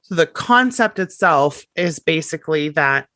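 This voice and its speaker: A woman's voice: deep voice, expressive, measured pace, a bit bright, no room sound, studio quality. A woman, a writing coach, talking as a guest on a podcast in an emphatic way, repeating words for stress. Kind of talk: conversational podcast interview.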